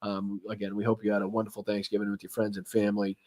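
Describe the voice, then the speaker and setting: Chatty podcast host. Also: male voice, lowish voice, completely flat delivery, fast talker, a little mellow. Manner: loose and chatty, swears, thanks viewers. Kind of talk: casual live-stream chat. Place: home, live stream.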